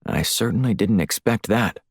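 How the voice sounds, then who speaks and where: A man's voice: fairly low pitch, normal speed, slightly rough, no room sound, studio quality. A male audiobook narrator voicing a hardened, blunt covert agent who speaks in clipped lines. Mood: flat. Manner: clipped, growling.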